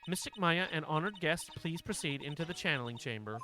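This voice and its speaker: A man's voice: on the high side, animated, a little fast, over music, lightly acted. A man voicing a stern, formal older woman who leads a village, in a video game. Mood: haughty. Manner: formal, cold, haughty.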